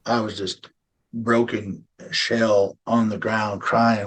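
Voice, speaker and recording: A middle-aged man bluntly telling his life story as an interview guest, often dropping to a low, intense murmur. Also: flat delivery, slow pace, fairly bright tone, breathy edge. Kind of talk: emotional personal storytelling.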